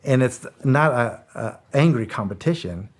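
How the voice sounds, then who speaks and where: Speaking in an expressive mid-range voice at a moderate pace, a middle-aged ex-soldier shares stories as a guest in a relaxed interview. His telling wanders, with repeated words, free swearing and acted-out quotes.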